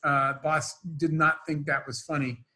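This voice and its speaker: A man's voice: on the high side, a little slow. A man, an entrepreneur guest on an interview show, telling long stories with quoted dialogue. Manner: animated anecdotes with quoted dialogue. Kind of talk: storytelling interview talk.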